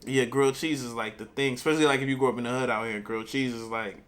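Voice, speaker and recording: A man's voice: medium pitch, steady tone, fast talker, a bit bright. A man with a New York accent hosting a reaction video, talking loosely in street slang and speaking straight to his viewers. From Harlem, New York. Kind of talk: casual reaction commentary.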